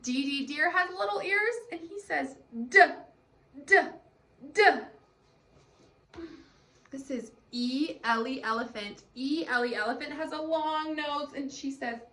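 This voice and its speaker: A woman's voice: high-pitched, animated, normal speed, few pauses, pushed and bright. A woman teacher leading a cheerful, sing-song phonics lesson for young children, demonstrating letter sounds.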